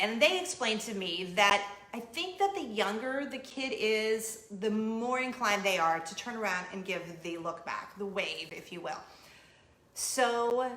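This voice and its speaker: A woman in her forties hosting a casual vlog, telling giddy stories with animated acted-out quotes. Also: mid-range voice, reverberant. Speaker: vlog host. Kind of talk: casual chat to camera. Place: home in Orlando.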